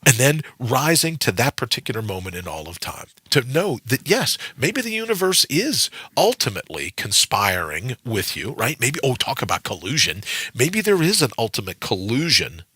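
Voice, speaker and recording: Animated husky-voiced radio host man. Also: mid-range voice, moderate pace, dry recording. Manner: animated, preachy, acts out quoted voices. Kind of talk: motivational morning talk show monologue. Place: radio studio.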